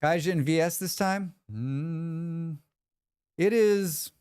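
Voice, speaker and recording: A man's fairly high, smooth voice moves very slowly as he hosts a livestream, chatting with viewers and telling tales. He acts out others' words with energy and swears freely; the sound is echo-free studio quality.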